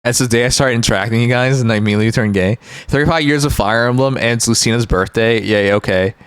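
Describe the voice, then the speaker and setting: A man's voice: medium pitch, fast talker, clear, resonant tone, dry recording. A man streaming live, chatting casually and joking with his viewers in a rambling way. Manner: rambling, joking, talks to chat.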